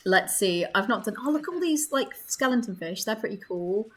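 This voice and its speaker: A young woman chatting excitedly while playing a life-sim game, laughing often. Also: mid-range voice, normal speed. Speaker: gaming creator. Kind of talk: casual gameplay commentary.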